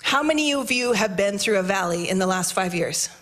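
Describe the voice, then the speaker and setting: A woman pastor preaching a sermon in church, swinging between impassioned shouts and hushed, conversational storytelling. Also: mid-range voice, animated, a little fast.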